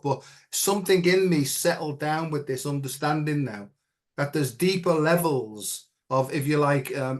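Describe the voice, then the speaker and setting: A middle-aged man with a voice on the high side is an interview guest telling a personal story. He's earnest and reflective, often checking in with "right?".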